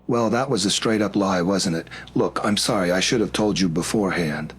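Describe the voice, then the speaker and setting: A man's voice: deep voice, normal speed, breathy edge. A man voicing a reckless, cheerful young man who dabbles in black magic, talking in eager, rambling bursts.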